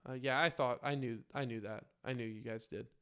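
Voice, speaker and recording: A man voicing Ulfric, a brawny male warrior who speaks in hesitant, halting sentences. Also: medium pitch, fairly even intonation, fairly bright tone, clean tone, close to an everyday voice. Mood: sheepish.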